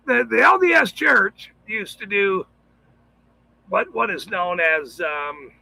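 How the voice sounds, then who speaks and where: A man giving rambling, profane commentary, shouting and swearing often and laughing a lot as he talks. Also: high voice, lively intonation, takes it slowly, gravelly, no echo, rough recording.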